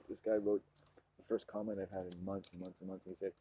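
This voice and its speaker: A man's voice: low-pitched, very animated, fast, gravelly, dark tone, slight background noise, rough recording. A man delivering a profane, preaching monologue to his camera, smoking and drinking as he talks. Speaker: vlogger.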